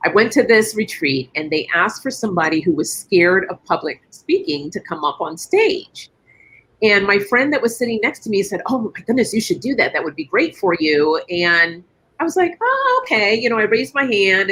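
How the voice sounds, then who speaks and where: Husky-voiced woman hosting a chat. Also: fairly low pitch, rough recording. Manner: animated storytelling, acting out quoted voices. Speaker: host. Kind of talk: casual live-stream chat.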